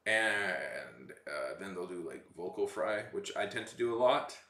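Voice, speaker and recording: Lively-voiced man chatting on a stream. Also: sits low, unhurried, hardly any pauses, reverberant. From Texas. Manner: rambling, jokey, chatty. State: slightly sick. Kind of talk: casual chat on a livestream.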